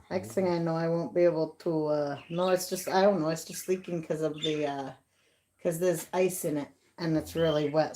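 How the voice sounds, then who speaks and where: A woman's voice: on the low side, warm tone, slight background noise. A middle-aged woman hosting a casual livestream from home on her phone, chatty and laughing at her own stories. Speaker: livestream host. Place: home, by a bedroom window. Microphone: phone held in hand.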